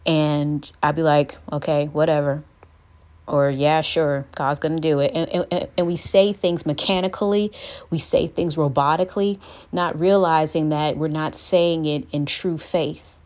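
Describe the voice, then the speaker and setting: A woman's voice: low-pitched, a little mellow. A young woman giving an earnest Christian devotional talk, sometimes acting out the voices she quotes. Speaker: Christian speaker.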